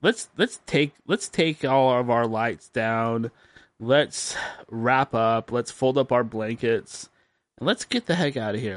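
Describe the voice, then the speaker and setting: On his own late-night podcast, a drowsy male host rambles and jokes about himself in a radio-show style monologue. His voice is mid-range, with no room sound.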